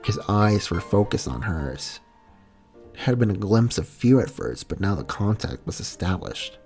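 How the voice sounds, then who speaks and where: A man's voice: fairly low pitch, very animated, moderate pace, a little mellow, faint music behind. A man streaming a reading of fan fiction, casual, laughing at his own mix-ups and swearing now and then.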